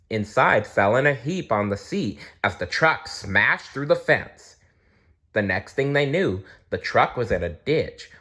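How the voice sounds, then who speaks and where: A man reading a children's storybook aloud, gently and with small restarts. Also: lowish voice.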